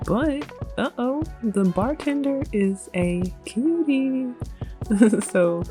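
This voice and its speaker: Chatty young woman gamer, giggly slangy narration, mellow tone, faint music. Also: fairly high pitch, lively intonation, drawn-out words. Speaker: gaming video creator. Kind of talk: casual let's-play narration.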